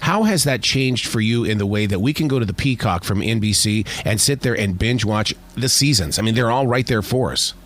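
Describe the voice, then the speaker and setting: A man's voice: on the low side, lively intonation, fairly quick, few pauses, a bit bright. A man in his fifties, a radio host asking long, rambling questions full of restarts. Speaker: radio interviewer. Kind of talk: podcast interview.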